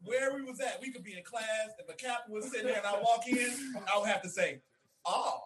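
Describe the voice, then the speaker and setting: Very high guy laughing off a roast, far from mic, crowd loud. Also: fast. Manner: laughing, defensive comebacks. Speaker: podcast co-host. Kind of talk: casual podcast banter.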